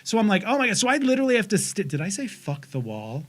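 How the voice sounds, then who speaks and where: A man's voice: sits high, wildly swooping pitch, quick pace. A man in his forties co-hosting a podcast, telling a profane story in casual chat and putting on voices for the people in it. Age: 40s. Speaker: podcast co-host.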